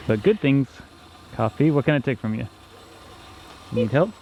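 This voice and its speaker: A man chatting casually as a travel vlogger on a canal narrowboat, easygoing and quick to laugh. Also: mid-range voice, lively intonation, vocal fry, a little mellow, slight background noise. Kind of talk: casual vlog chat.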